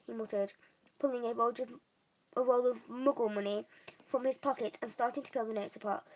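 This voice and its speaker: A young woman reads a children's novel aloud at a steady pace, her voice sitting a little above the usual for a woman. The reading is casual and unrehearsed, with occasional slips she corrects on the spot. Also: fairly high pitch, fairly quick, low-quality recording. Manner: unpolished reading with restarts. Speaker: reader.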